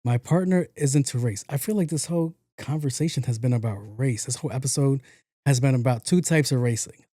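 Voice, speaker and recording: A man riffs through casual podcast commentary, full of swearing, jokes and repeated words. His voice is mellow and warm. The sound is dry and close. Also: medium pitch, fast, no room sound. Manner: profane, joking, repeats himself. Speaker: podcast host.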